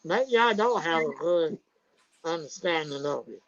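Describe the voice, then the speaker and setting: A woman's voice: sits low, animated, unhurried, no room sound. A woman joining a casual talk show as a caller, speaking in an easygoing, plainspoken way. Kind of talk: casual chat. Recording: dull lo-fi line with faint noise.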